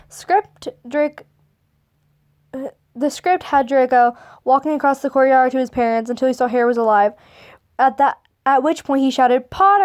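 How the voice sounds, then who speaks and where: A woman with a high-pitched voice reads fan memes aloud, cutting in with sarcastic asides. She laughs often and swears freely. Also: a little mellow.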